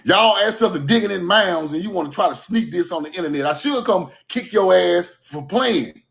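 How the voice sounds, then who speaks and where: Fired-up man, high voice, livestream rant from home, loud and profane, "bro" every line. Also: lively intonation, normal speed, gravelly. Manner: loud, fired-up, repeats "bro", swears, laughs between points. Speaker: livestream host.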